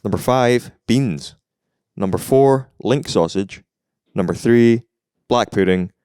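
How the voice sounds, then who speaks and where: A man's voice: medium pitch, slow pace, dark tone, clear, resonant tone, no room sound. A man co-hosting a podcast in a dry, understated way. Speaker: podcast co-host. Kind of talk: casual podcast banter.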